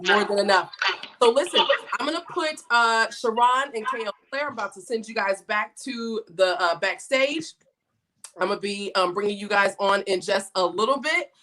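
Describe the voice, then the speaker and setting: A woman's voice: medium pitch, sharp tone, a little hiss or hum. A woman hosting a livestream in a casual, chatty way, reading viewer comments and hyping her guests. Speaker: host.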